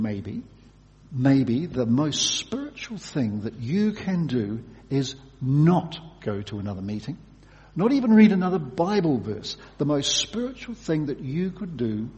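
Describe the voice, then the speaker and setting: A male pastor delivers a sermon with a lively, animated pitch that rises for emphasis and drops almost to a hush. His voice rings out with a long reverb from a large hall. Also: a little slow. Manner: expressive, shifts from loud emphasis to hushed.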